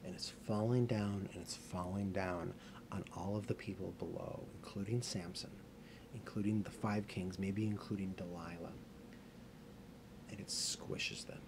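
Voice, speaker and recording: Male storyteller, dramatic, halting, repeats words, whispers for effect, gravelly voice, noisy recording. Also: sits low, steady tone. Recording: noisy background ambience.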